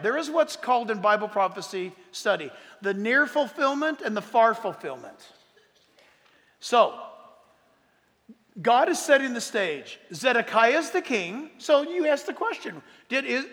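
In a sermon on Bible prophecy, a male pastor reads scripture emphatically and loudly, then drops into quiet asides. The hall's echoey reverb colors the recording.

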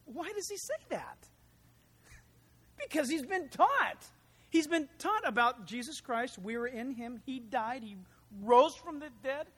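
Animated preaching man, loud and soft. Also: extremely high pitch, a little slow, slightly rough. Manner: animated, acts out voices, swings from quiet to loud. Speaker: pastor. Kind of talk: sermon.

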